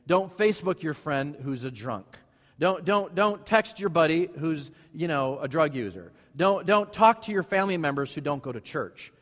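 Pastor o wysokim głosie w pogłosowej sali. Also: male voice, fairly high pitch, a bit bright, long reverb tail. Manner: conversational preaching with many restarts, acting out dialogues. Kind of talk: sermon.

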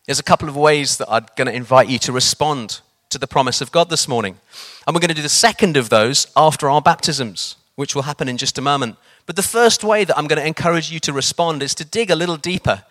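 Animated storytelling male preacher. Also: a little high, fairly quick. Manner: animated, varies pace for emphasis. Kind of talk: sermon with storytelling.

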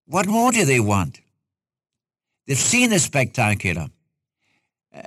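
An older man preaching an expository sermon, reading scripture aloud and rising in pitch to stress his points. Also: a bit bright, no room sound, studio quality.

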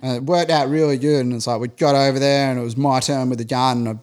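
A man's voice: mid-range voice, steady tone, fast, a little mellow. A man telling a long story in casual chat, rambling and peppering his talk with fillers. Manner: rambling, heavy use of filler "like".

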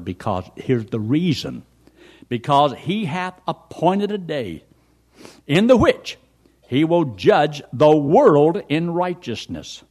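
A man preaching a sermon, reading scripture aloud and telling folksy stories from his own ministry. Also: medium pitch.

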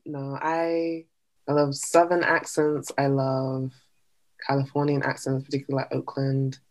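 A young adult student studying abroad in casual chat, bubbly and enthusiastic with quick laughs. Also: mid-range voice, level tone.

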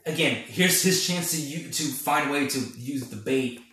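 A man's voice: medium pitch, moderate pace, sharp tone. A man hosting a casual podcast, retelling a film animatedly and laughing often, with many fillers. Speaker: podcast host reviewing a film. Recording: very echoey room.

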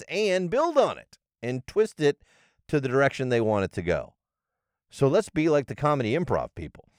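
A male podcast host gives a motivational talk and acts out the lines he quotes. His pitch jumps all over, from high bursts to low drops. He sits close to the mic in a dead, dry room. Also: no room sound. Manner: animated, acts out quoted lines in changed voices.

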